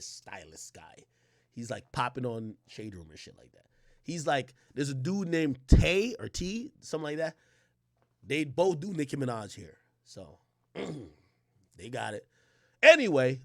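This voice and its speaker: A man streaming, telling a story in a profane, animated rant and shouting at its peaks. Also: mid-range voice, measured pace, no room sound, clean studio sound.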